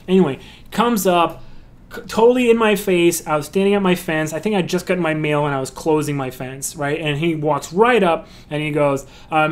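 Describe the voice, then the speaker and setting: A man's voice: a little high, moderate pace. A man giving a casual lecture on crowdfunding his film, chatty and full of fillers and restarts, breaking into a story. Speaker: filmmaker teaching about crowdfunding.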